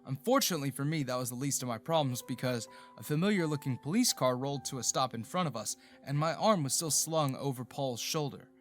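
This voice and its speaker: A man giving a scripted first-person narration of a romance story, steady and even. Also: mid-range voice, brisk, few pauses, faint music behind.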